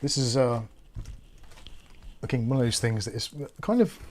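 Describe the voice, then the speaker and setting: A man with a Bristolian accent talks through a PC build on a livestream, easygoing and conversational. His voice sits at an ordinary middle pitch, and he tends to think aloud between tasks. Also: lively intonation, normal speed, a little mellow, a little hiss or hum. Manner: chatty, thinks aloud while working. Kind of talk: casual livestream chat.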